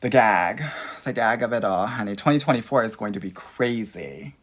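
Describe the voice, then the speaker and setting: A man's voice: fairly low pitch, expressive, moderate pace, fairly bright tone. A young man hosting a casual livestream as a dating coach, sassy and playful, calling his viewers honey and girl.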